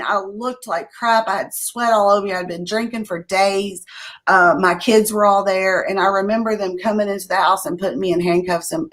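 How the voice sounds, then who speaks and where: A woman's voice: mid-range voice, fairly bright tone. A middle-aged woman, giving a blunt, candid personal recovery testimony as an interview guest. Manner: candid, conversational, blunt with profanity.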